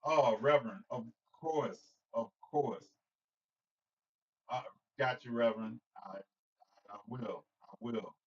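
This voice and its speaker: A man's voice: mid-range voice, slow, long pauses, distant mic, a little hiss or hum. A man hosting a casual livestream, joking and rambling as he talks to viewers by name. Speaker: livestream host. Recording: dull lo-fi sound, slightly off-mic.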